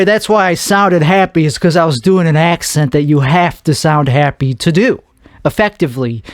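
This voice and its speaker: A man's voice: on the high side, moderate pace, no echo, studio quality. A man hosting his own podcast, rambling and making fun of himself. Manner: rambling and self-mocking. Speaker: podcast host. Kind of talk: solo comedic podcast chat.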